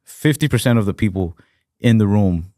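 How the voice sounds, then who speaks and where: Rambling low-voiced man chatting on a podcast. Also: expressive, moderate pace, warm tone, dry recording, studio quality. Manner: rambling, heavy on fillers and swearing. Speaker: podcast co-host. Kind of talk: casual podcast chat.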